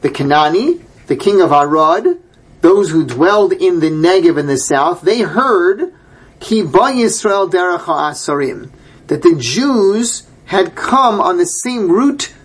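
A man's voice: sits high, lively intonation, unhurried, husky. A man teaching a Torah class, reading verses aloud and then translating and explaining them. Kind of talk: Bible class lecture.

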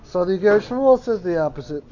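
A man teaching a Torah class to a small group, with lively sing-song emphasis on key words. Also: high voice, quick pace. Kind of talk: Talmudic lesson to a small class. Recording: dull lo-fi classroom recording.

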